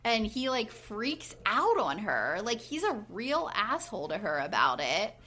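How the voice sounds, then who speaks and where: Woman in her forties, podcast co-host; animated, bright, lots of "like", mimics people mid-story. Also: mid-range voice, measured pace. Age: 40s. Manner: animated retelling, acting out quotes, frequent fillers. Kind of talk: casual reality TV recap chat.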